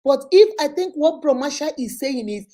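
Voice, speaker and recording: Nigerian woman, counselor type, warm relaxed tone, vivid storyteller who drops into Pidgin. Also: sits high, normal speed. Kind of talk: storytelling talk.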